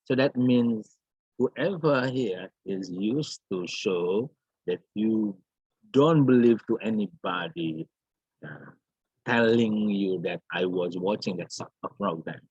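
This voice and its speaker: A man teaching an English grammar lesson, slowly repeating words and examples with many fillers. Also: lowish voice, animated, darkish tone, breathy edge, dry recording. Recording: dull, lo-fi.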